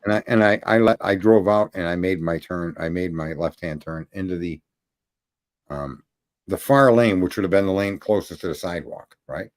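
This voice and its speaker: A man hosting a podcast, telling long stories in casual chat. He swears freely and rambles, and his voice climbs high when he gets indignant. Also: moderate pace. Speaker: podcast host.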